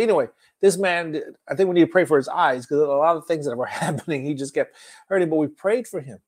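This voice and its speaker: In a slightly high voice, a man delivers a sermon, recounting his testimony with animated storytelling that moves between loud and soft passages.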